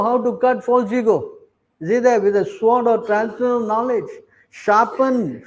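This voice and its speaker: A man with a fairly high voice gives a scripture class, reading verses aloud and then breaking them down in short, emphatic bursts. He keeps tossing rhetorical questions at the room, "huh?", "what?", as he drives each point home. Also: poor audio.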